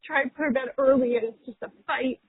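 A woman's voice: high voice, steady tone, fast talker, breathy edge, dry recording. A young woman, a mother, leaving a rambling, emotional voicemail rant full of fillers, her voice strained. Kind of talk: tearful venting rant. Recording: tinny phone line.

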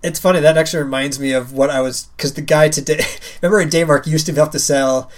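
A man in his thirties chatting casually with friends on a podcast, telling animated stories, swearing freely and laughing often. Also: a little high, fast talker. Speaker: podcast co-host. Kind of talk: casual chat among friends.

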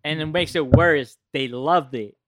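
A man's voice: fairly high pitch, dry recording. A man in casual podcast chat, playful and joking. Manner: playful, joking, quick to laugh.

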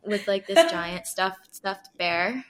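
A woman's voice: medium pitch, slow, fairly bright tone, a little hiss or hum. A woman in her twenties co-hosting a podcast, talking in a chatty, casual way with frequent "like" fillers and self-conscious asides. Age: 20s. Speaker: podcast co-host. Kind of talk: casual chat.

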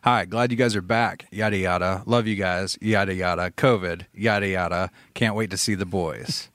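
A man's voice: low voice, fairly even intonation, moderate pace, a bit bright, no echo, studio quality. A man with a Southern US accent co-hosting a podcast, reading an email aloud in easygoing, chuckling chat. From southern United States. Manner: easygoing, chuckling, swears casually. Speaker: podcast co-host.

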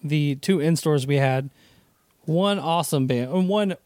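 Higher-voiced man in casual podcast chat. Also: unhurried, a little mellow, no room sound. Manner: short reactions and laughter. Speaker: podcast co-host.

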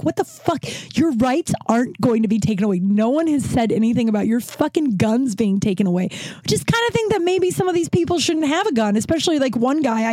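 A woman in her thirties from Colorado, speaking to camera in an emotional personal monologue, halting and full of restarts and swearing, close to tears. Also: on the high side, warm tone, no room sound. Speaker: vlogger.

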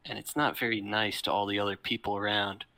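Bright-voiced young man telling a story. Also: lowish voice, fast talker, poor audio. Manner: animated storytelling, swearing freely. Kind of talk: casual chat, telling a work story.

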